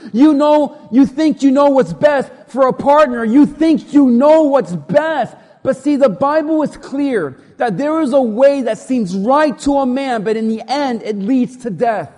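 A man's voice: extremely high pitch, darkish tone. A man preaching a sermon with emphatic, repetitive delivery, asking the congregation to repeat after him. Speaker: pastor. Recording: long reverb of a large hall.

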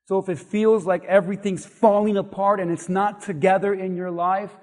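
A male pastor preaching a sermon, animated and building to shouts in places. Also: high-pitched, moderate pace. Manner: animated, rising to shouts at points. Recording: long hall reverb.

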